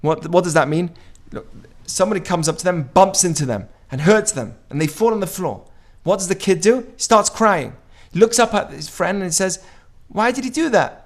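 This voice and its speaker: A man's voice: sits high, normal speed. A man giving an informal Jewish teaching to a group, speaking conversationally, asking the room questions and acting out quoted dialogue. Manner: conversational, asks the audience questions. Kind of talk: informal Torah class.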